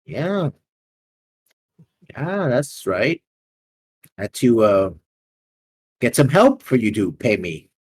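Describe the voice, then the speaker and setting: A man voicing a smug, scheming male moneylender who talks with calm, drawn-out menace in a tabletop game. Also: mid-range voice, breathy edge, full character voice. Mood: mocking.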